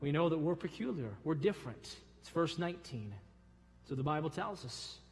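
Middle-aged male pastor, fervent sermon delivery with loud surges and hushed drops, high voice, church hall reverb. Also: expressive, normal speed. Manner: preaching with sudden loud rises and soft drops. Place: church sanctuary.

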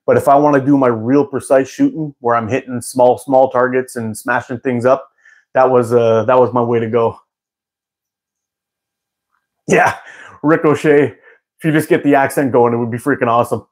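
A man's voice: mid-range voice, fairly even intonation, normal speed, long pauses. A man hosting a live stream, chatting casually with viewers in a rambling way and laughing often. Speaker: live-stream host answering chat.

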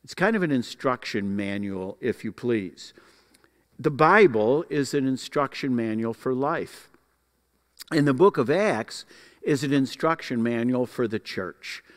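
A man teaching a Bible class in a folksy, explanatory way, pausing often to find his words. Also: medium pitch, animated, in a large hall. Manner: folksy, explanatory, with frequent uh fillers.

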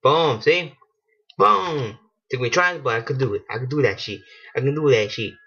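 A man giving casual let's-play commentary, excitable and swearing, laughing at himself. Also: mid-range voice, moderate pace, husky. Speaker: gaming channel host. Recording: dull lo-fi home mic.

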